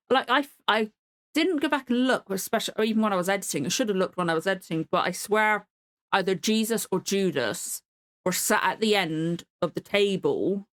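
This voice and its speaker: A woman's voice: on the low side, fairly bright tone. A woman hosts a reaction video indoors at home, chatting loosely to camera. She rambles through asides and swears freely. She is sore and cold as she talks. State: in pain and cold. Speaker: reaction channel host. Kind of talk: casual chat to camera.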